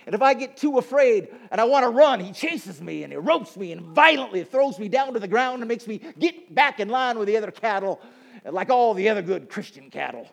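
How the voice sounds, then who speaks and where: A man putting on a cowboy accent, voicing a fearful believer reciting a psalm in a loud, strained way. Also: high-pitched, very animated, fairly quick, vocal fry, pitched above the performer's own voice, heavily acted. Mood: mock fearful. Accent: American cowboy drawl, put on.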